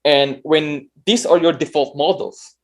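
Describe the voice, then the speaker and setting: A man's voice: a little high, measured pace. Filipino man giving a conversational talk. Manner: conversational, many restarts and tag "right?". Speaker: meetup speaker. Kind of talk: talk to an online meetup.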